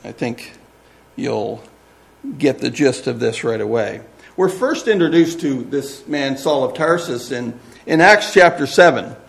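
A man's voice: medium pitch, animated, unhurried, creaky. A man preaching a sermon as pastor, earnest and often repeating words as he goes.

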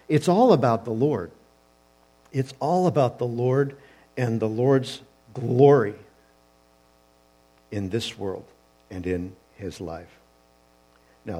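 A man preaching a sermon, earnest and halting, with frequent restarts, swelling to emphatic peaks and sinking to quiet phrases. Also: lowish voice, husky, low-quality recording. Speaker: pastor.

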